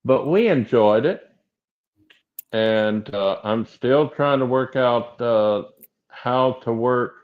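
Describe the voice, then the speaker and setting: A man with a Southern US accent, a guest chatting casually in a folksy, rambling way with many pauses. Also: medium pitch, narrow, tinny audio. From American South. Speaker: podcast guest. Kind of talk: casual chat.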